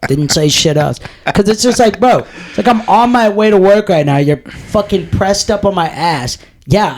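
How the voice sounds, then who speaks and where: Podcast co-host, man, profane storyteller, slightly higher voice. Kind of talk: casual chat.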